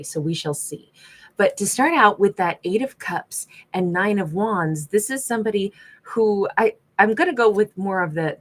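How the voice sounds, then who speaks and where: A woman giving a casual tarot reading, chatty and rambling, with many fillers and restarts. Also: lowish voice. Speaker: tarot reader.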